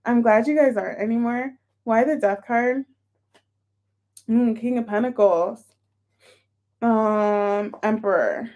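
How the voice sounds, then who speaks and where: Female tarot reader, talks casually and gets emotional, somewhat high pitch. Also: takes it slowly, pauses often, a little mellow. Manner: chatty, emotional, exclamatory. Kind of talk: casual tarot reading for viewers.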